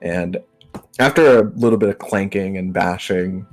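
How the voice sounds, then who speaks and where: A man narrating a tabletop game as game master in a relaxed style full of fillers. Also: sits low, normal speed, soft background music.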